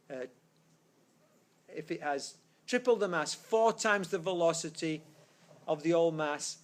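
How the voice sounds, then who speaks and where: A man teaching a physics class, explaining step by step in a classroom and correcting himself as he goes. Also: a little high. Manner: explanatory, thinks aloud, self-correcting. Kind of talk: classroom lecture. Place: classroom with students. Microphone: tablet screencast mic.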